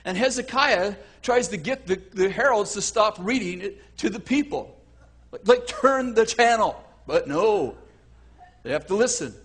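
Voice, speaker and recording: Male preacher, high husky voice, animated sermon delivery with acted-out voices. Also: a little slow. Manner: animated, acts out voices, self-correcting.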